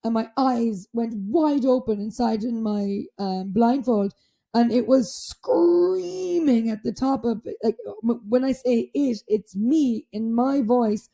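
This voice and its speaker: A young Irish woman co-hosting a casual podcast, her voice slightly high and very mellow, almost dark. She talks in an animated, sweary way, scattering "like" everywhere. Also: slow pace, creaky. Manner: animated, swears freely, many filler "like"s. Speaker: podcast co-host. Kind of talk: casual chat.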